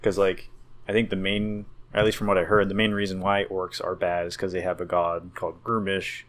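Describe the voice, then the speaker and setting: A man's voice: low-pitched, level tone, fairly quick, a bit bright. A man co-hosting a casual podcast about tabletop games, easygoing and tentative, with frequent ums and likes. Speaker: podcast co-host.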